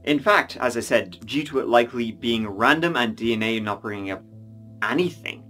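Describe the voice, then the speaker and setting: A man's voice: mid-range voice, normal speed, a bit bright, soft background music. A man narrating a true crime story in a casual, scripted way, adding offhand asides.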